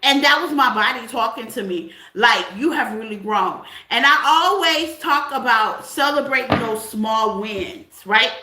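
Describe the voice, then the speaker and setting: A woman gives a spiritual tarot reading in a high, bright voice. She talks in a loose, chatty way and keeps asking "okay?" The room around her is echoey. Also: lively intonation, unhurried, few pauses. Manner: conversational, chatty, repeats "okay?" often. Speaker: tarot reader.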